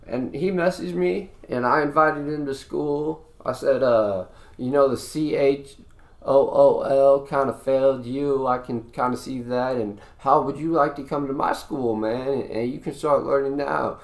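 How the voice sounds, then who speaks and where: A man hosts his own podcast in a heated, preachy monologue, blunt and full of profanity. His voice has a gravelly edge. The room around him is echoey. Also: medium pitch, fairly even intonation, a little slow. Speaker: podcast host. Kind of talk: ranting monologue.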